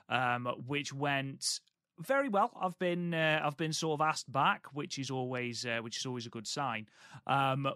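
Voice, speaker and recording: A man co-hosting a podcast, chatty and full of ums as he tells a story. His voice sits at a middling pitch for a man. The sound is dry and close, with no room around it. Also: bright, forceful tone, clear, resonant tone, dry recording. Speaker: podcast co-host. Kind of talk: casual podcast chat.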